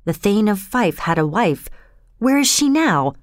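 A woman's voice: medium pitch, big pitch swings, a little slow, no room sound, studio quality. A woman voicing a guilt-haunted sleepwalking queen who murmurs and commands in a distracted, dreaming way. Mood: commanding.

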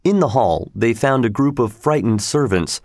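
A man narrating a storybook in a steady, measured reading. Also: medium pitch, no echo, studio quality.

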